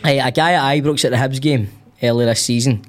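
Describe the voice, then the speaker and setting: A man's voice: medium pitch, steady tone, fairly quick. A Scottish man hosting a casual chat, reading out listener stories with lots of giggling. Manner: giggly, banter, reads out ads. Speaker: podcast host.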